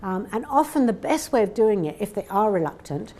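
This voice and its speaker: A woman's voice: medium pitch, lively intonation, brisk, mellow. A woman giving a conversational seminar talk, chatty and anecdotal, often acting out little dialogues. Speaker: seminar presenter. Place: seminar room.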